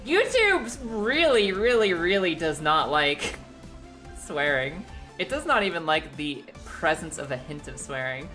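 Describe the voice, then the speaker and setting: A young woman streaming from her living room, chatting casually and animatedly, often laughing and jumping into high excited squeals, her voice slightly echoey. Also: a little slow, faint music behind. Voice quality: a little echoey today. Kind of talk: casual chat. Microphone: streaming setup.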